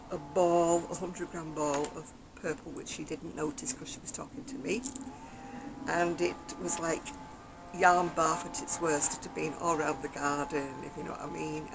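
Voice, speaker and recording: An Englishwoman with a deep voice chats casually about her crochet in a vlog, rambling through stories and laughing often. She's recording outdoors on a garden deck, and the audio quality is low.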